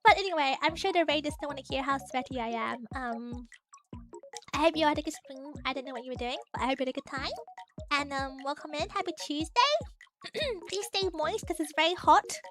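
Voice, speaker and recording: A woman's voice: high-pitched, a little fast, music in the background. A young woman streaming as a VTuber, chatting casually with her viewers, giggly and playfully teasing her chat.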